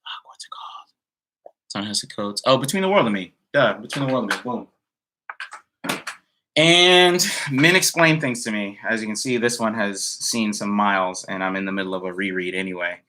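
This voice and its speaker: A man's voice: fairly low pitch, normal speed, sharp tone, slight background noise. A man chatting casually on a live stream and answering viewer comments, rambling with many fillers and sounding a little tired. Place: indoors at home.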